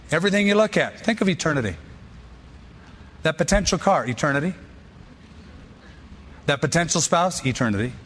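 A pastor delivering a sermon in short, emphatic, punchy lines. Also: male voice, on the high side, a bit bright, in a large hall.

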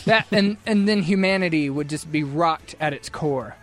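A man's voice: on the high side, flat delivery, normal speed, hardly any pauses, fairly bright tone, faint music behind. A man hosting a radio morning show, joking and playful in banter. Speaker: radio host.

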